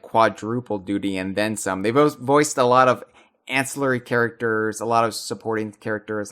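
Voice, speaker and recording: A man in casual podcast chat about video games, restarting his sentences often with animated asides. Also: fairly low pitch, clean tone. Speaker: podcast co-host.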